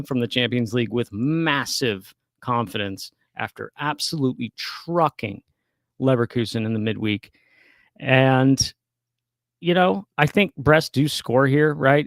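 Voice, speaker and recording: A man's voice: mid-range voice, dry recording. Jokey man talking soccer bets. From United States. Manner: laughing, joking, easygoing. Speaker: co-host of a soccer betting podcast. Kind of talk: casual sports betting chat.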